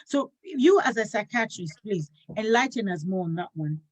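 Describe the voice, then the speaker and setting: A woman's voice: medium pitch, lively intonation, normal speed. A middle-aged woman hosting a talk show, telling a personal story in earnest and acting out what was said. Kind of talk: casual talk show conversation.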